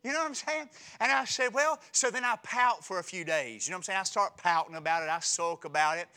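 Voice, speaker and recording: A man in his forties preaching a sermon as pastor, telling humorous stories in a lively, conversational way. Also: sits high, fast talker, clean tone.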